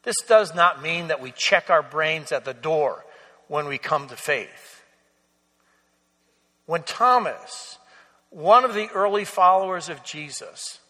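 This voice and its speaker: A man delivers a sermon in an unhurried, earnest way, drawing out each phrase. His voice is bright and pitched a little high for a man. It rings with the long reverb of a church sanctuary. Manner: slow, earnest preaching with soft, drawn-out endings. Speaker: pastor.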